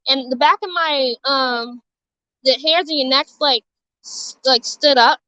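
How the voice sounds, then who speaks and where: A woman's voice: sits high, steady tone, unhurried, pushed and bright, no echo, lo-fi sound. A woman telling her viewers a personal story in her childhood neighborhood, in a rambling, earnest way with many fillers and restarts. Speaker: vlogger sharing a testimony. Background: music.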